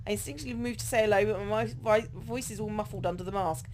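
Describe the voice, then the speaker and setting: A woman's voice: mid-range voice, fast, darkish tone. A woman hosting a let's-play, narrating a visual novel game and chatting in a giggly, self-deprecating way.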